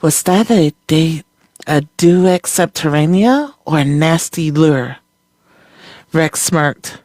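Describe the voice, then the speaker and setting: Reader, calm story narration, slow, dry close sound. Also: mid-range voice, dry recording.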